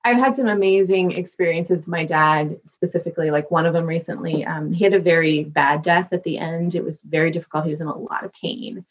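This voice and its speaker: A woman's voice: low voice, a little fast, few pauses, highs cut off. A woman working as a medium, telling stories in an interview and acting out voices as she goes. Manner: animated storyteller, acts out voices. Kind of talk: podcast interview.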